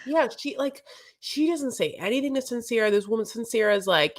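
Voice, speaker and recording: A woman's voice: medium pitch, moderate pace. A woman co-hosting a podcast, recapping a reality show in rambling casual chat with lots of fillers. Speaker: podcast co-host.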